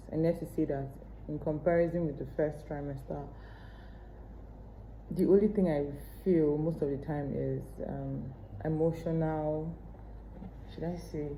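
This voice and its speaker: Chatty pregnant Nigerian woman, low mellow voice. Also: a little hiss or hum. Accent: Nigerian English. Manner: chatty, candid and reflective. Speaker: vlogger. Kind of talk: casual vlog chat. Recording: roomy echo.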